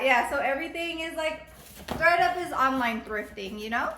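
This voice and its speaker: Bubbly woman vlogger in her thirties, higher voice, chatty, noisy phone audio. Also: lively intonation, normal speed, pushed and bright. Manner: bubbly and chatty, gushing exclamations. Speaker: lifestyle vlogger. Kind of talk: casual vlog chat.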